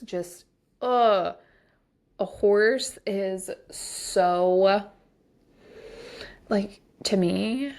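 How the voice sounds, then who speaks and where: This solo podcast host has a gravelly, mid-range female voice. She talks in a chatty, rambling way, using lots of "like" and "um."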